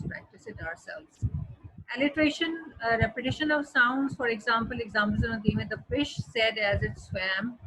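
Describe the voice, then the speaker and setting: A woman teaching an English grammar lesson, explaining patiently and repeating examples slowly. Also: on the high side, a bit bright, breathy edge, low-quality recording. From Pakistan. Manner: explaining patiently with repetition, slowing to spell out words. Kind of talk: classroom lesson.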